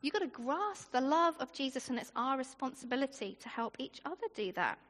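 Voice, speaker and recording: A high-pitched woman gives a lively, conversational sermon in a church. Her voice rings out with a long hall reverb, and she keeps breaking into informal asides and chuckles. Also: a little fast. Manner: chatty and animated, with asides and laughter. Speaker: preacher.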